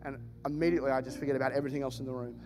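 Aussie guy preaching, jokey animated stories, echoey church hall with a little music under it. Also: medium pitch, very fast. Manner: animated, jokey storytelling with laughs. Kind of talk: storytelling sermon. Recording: reverberant hall, faint music.

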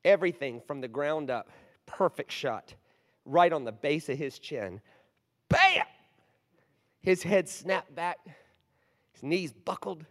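A man in his forties preaching a storytelling sermon, animated, moving from hushed asides to loud bursts. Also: on the high side, unhurried. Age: 40s. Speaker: guest preacher. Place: large church hall. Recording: long hall reverb.

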